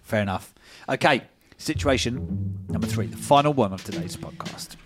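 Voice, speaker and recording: A man's voice: fairly low pitch, animated, moderate pace, music in the background. A man co-hosting a casual podcast, teasing and laughing as he poses silly scenarios. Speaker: podcast co-host.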